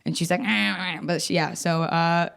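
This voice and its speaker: A woman's voice: fairly low pitch, little pitch movement, normal speed, clean tone. A young adult woman comedian telling stories in casual chat, blunt and profane, self-mocking and often laughing. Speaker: comedian guest.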